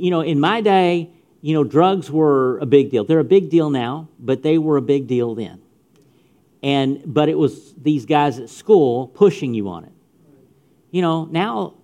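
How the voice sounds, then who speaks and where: A man's voice: on the high side, expressive, a little slow, pauses often, dark tone. A middle-aged man preaching a sermon to young people, emphatic, repeating phrases and speaking straight to his listeners. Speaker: pastor. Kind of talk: sermon to youth.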